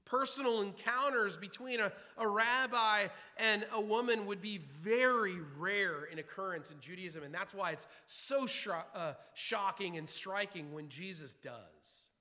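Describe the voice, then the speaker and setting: A man's voice: high-pitched, measured pace, hardly any pauses, sharp tone. A man preaching a sermon to his congregation, emphatic and repetitive, often restarting his words. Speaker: pastor. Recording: long hall reverb.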